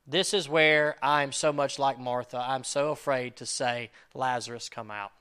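An earnest male pastor delivers a sermon in a bright, forceful voice. He acts out quoted prayers and lines, swinging from loud emphasis to quiet, intimate asides. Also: medium pitch, fairly even intonation, a little slow, smooth.

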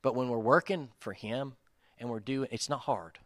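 A man's voice: medium pitch, moderate pace, fairly bright tone, dry recording, studio quality. A man preaching in a casual, conversational style, self-deprecating and speaking straight to the listeners. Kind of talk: conversational sermon.

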